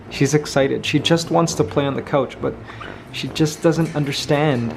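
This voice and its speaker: A man's voice: mid-range voice, unhurried, gravelly, over music. A man in a casual home vlog, talking playfully and coaxing his pet parrot. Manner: playful, sings snatches of carols. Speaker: vlogger.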